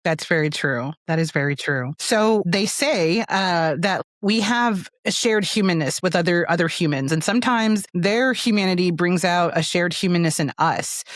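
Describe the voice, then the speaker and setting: A woman hosting a podcast, asking thoughtful questions in a measured way. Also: lowish voice, no room sound, studio quality. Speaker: podcast host. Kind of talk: interview questions.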